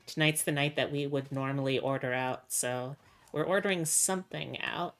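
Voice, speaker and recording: A woman's voice: sits low, steady tone, normal speed. A woman streamer chatting casually with her viewers in a rambling, indecisive, self-mocking way. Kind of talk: casual livestream chat.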